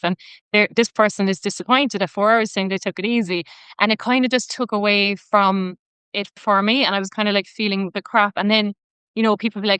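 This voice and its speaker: A woman's voice: medium pitch, steady tone, fast talker, a bit bright, clear, resonant tone, no echo. An Irish woman in her thirties, a personal trainer and podcast guest, chatting and telling stories with lots of "like" fillers. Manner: chatty storytelling, many "like" fillers. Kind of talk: casual interview chat.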